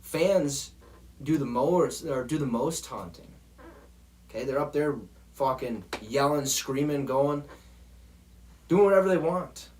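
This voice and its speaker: This sports show host talks slowly in a mid-range, somewhat dark voice, pausing often. His football rant is heated, profane and exasperated, aimed directly at the people watching.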